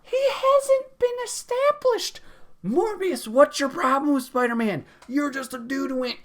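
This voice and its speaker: Male podcast host; lively, swooping delivery; casual, profane, exasperated. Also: extremely high pitch, measured pace. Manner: laughs often.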